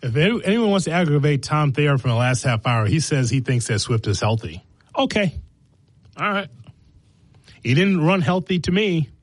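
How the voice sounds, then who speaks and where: A man's voice: fairly high pitch, sing-song, normal speed, dry recording. A man hosting a sports talk show in a casual, playful, teasing way, laughing often. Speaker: sports radio host.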